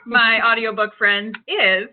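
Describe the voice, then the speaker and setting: A cheerful woman hosts a chat over a video call, laughing easily between questions. Her voice sits a touch high. The sound is thin and phone-like. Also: steady tone, measured pace, crowd noise. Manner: bubbly, laughs often. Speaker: host. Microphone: home microphone on a video call. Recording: tinny phone-like audio.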